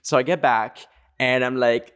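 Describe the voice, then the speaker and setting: A man in his twenties telling a story in a casual, rambling way, full of filler words, with animated pitch jumps. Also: normal speed, smooth. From Canada. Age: 20s.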